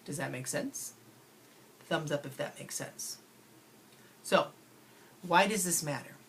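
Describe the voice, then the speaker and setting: A woman's voice: sits low, slow, gravelly, fairly bright tone, slight background noise. A woman teacher giving a phonics lesson to children, patient and playful, stretching out sounds to show how words are said.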